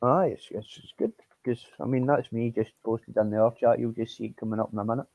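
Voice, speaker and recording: Quick, easygoing man. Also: mid-range voice, gravelly, dry recording, narrow, tinny audio. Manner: relaxed, sweary, says "you know what I mean" often. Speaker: guest on a stream call. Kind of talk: casual chat on a livestream call.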